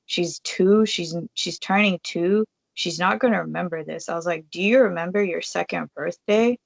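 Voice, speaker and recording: Speaking in a lowish, creaky voice with a fairly bright tone, a woman vlogger shares a personal story casually. Her chat is packed with fillers, and she performs her own quoted lines; there's no echo.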